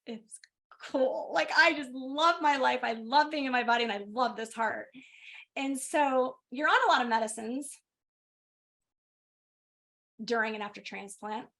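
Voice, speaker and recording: Animated middle-aged woman telling her story. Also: high-pitched, measured pace, long pauses. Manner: animated storytelling, lively laughs. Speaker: guest speaker, physician. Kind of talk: personal story in a webinar.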